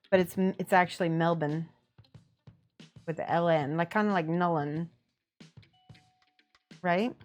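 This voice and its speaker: A woman's voice: on the low side, a little slow, long pauses, soft background music. A woman painting miniatures on a stream, chatting casually, reading chat aloud and laughing often. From American Midwest. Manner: chatty, laughs often, plays with word pronunciations.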